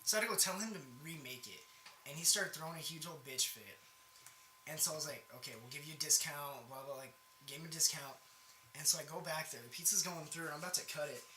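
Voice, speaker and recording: A man's voice: fairly high pitch, quick pace, pushed and bright, a little hiss or hum. A young man co-hosting a podcast, telling a profane, rambling story among friends with frequent laughter. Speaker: podcast co-host. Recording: echoey room with chatter behind.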